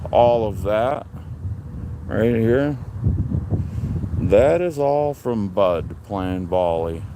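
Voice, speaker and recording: Middle-aged man, laid-back and slow, chatty host walking his yard with a phone; gravelly tone. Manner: relaxed and chatty, jumps to a high sing-song voice when talking to his dog. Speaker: livestream host. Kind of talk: casual live-stream chat while walking. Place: outdoors at his home and backyard. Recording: faint outdoor noise on a phone stream.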